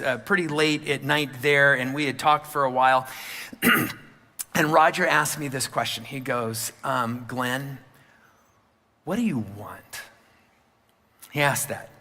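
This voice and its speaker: A man's voice: medium pitch, bright, forceful tone. A male pastor giving a sermon, telling a personal story in a candid, conversational way with frequent fillers. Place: church sanctuary. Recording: long church hall reverb.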